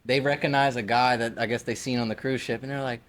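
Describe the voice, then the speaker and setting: A man's voice: medium pitch, steady tone, quick pace, a bit bright. A man co-hosting a podcast, telling a long, rambling story in casual chat, full of fillers and swearing. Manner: rambling storyteller, heavy use of "like" and profanity. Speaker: podcast co-host.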